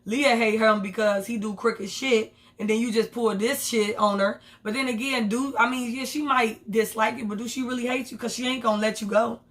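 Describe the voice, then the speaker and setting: A woman, talking through a TV episode in casual recap mode. Her voice sits a touch on the high side, and she is blunt and profane, jumping into the characters' lines as she retells them. It sounds like relaxed, animated commentary. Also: moderate pace, hardly any pauses. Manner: candid, profane, animated retelling with quoted asides. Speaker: TV show reviewer.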